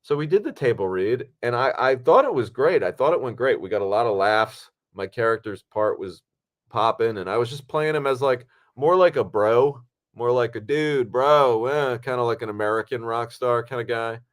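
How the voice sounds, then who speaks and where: A man co-hosting a podcast from home on a video call, telling a relaxed, rambling story with many fillers. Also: medium pitch, moderate pace. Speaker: podcast co-host and actor. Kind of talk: casual podcast chat. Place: home, at a computer.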